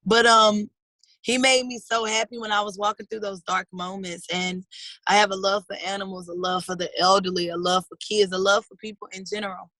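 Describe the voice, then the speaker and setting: A woman's voice: medium pitch, level tone, brisk, sharp tone, no echo, poor audio. A woman in her thirties speaking in a heartfelt, earnest way in a personal interview, often calling people "baby". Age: 30s.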